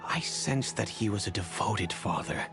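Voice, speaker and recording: Kindly wealthy father, low and measured. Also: expressive, gravelly. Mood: reflective. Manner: measured, reflective storytelling. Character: wealthy, kindly middle-aged father recounting the past. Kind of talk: game cutscene dialogue. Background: game music.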